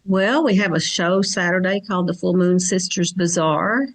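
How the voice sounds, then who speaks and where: A woman's voice: fairly low pitch, moderate pace, over a noisy crowd. A woman from Kentucky, a psychic and event organizer, chatting easily as a podcast guest and humming along in agreement. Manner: easygoing, chatty, lots of soft agreeing hums. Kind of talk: casual chat.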